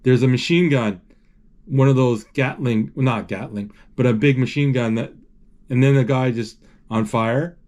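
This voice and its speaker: Halting man narrating a film live. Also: mid-range voice, darkish tone. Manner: halting, searching for words; frequent restarts and fillers. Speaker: movie describer.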